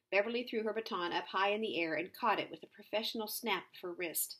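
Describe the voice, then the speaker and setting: A woman's voice: medium pitch, fast, hardly any pauses, a bit bright. A woman reading a novel aloud, adding conversational asides with hesitant fillers. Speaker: reader.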